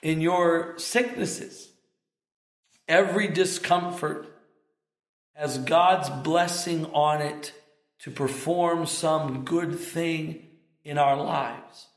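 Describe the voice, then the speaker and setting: A middle-aged man preaching a sermon, emphatic, leaning hard on stressed words between measured pauses. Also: fairly high pitch, steady tone, roomy sound. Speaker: pastor.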